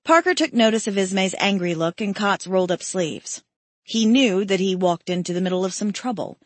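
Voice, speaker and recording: A woman narrating a historical story aloud, shifting her voice up and louder for the quoted lines. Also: medium pitch, expressive, normal speed, no echo.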